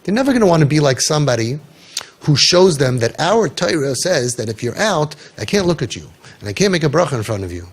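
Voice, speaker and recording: A man's voice: fairly high pitch, sing-song, a little fast, husky. A man coaching parents in an impassioned talk, telling stories and firing off rhetorical questions with emphasis.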